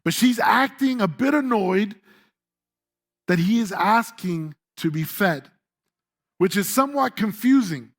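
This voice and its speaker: A man's voice: sits high, animated, a little slow, long pauses, a bit bright. A man preaching a sermon in a church, conversational and humorous, acting out the voices of scripture characters. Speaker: pastor.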